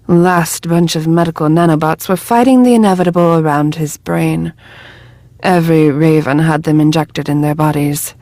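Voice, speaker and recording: A woman reading a story aloud in a slow, hushed way. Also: low voice, dry recording. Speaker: reader. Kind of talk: story narration.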